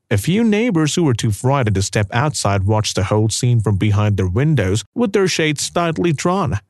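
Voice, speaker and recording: A man giving measured documentary narration about historical events. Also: mid-range voice, darkish tone, dry recording, clean studio sound.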